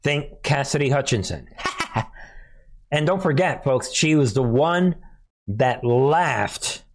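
Sarcastic, slow-talking commentary host. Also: medium pitch. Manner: sarcastic, laughing, addresses viewers as folks. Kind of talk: casual online commentary.

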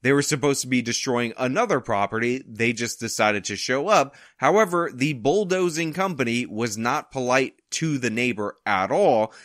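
Exasperated male commentator, bright dry voice. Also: medium pitch, moderate pace, hardly any pauses, no room sound. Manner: exasperated, sarcastic, animated. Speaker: channel host commenting on news. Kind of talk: commentary on a news story. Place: his apartment.

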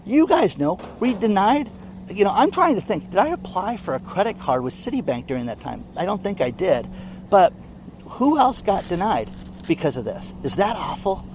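Emphatic male vlogger with a higher voice, casual commentary, faint background noise. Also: big pitch swings, moderate pace, a little mellow. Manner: indignant, emphatic, keeps asking "okay?". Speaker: online commentator. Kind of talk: casual news commentary vlog.

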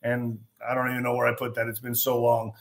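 A man hosting a podcast, telling a casual story in an animated way, acting out the quotes and swearing freely. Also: medium pitch, fast talker, vocal fry. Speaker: podcast host.

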